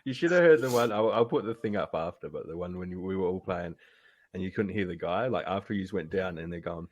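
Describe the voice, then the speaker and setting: A man's voice: low-pitched, fast, highs cut off. A man co-hosting a casual gaming podcast, laughing often as he tells stories. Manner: laughs often, lively storytelling. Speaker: podcast co-host.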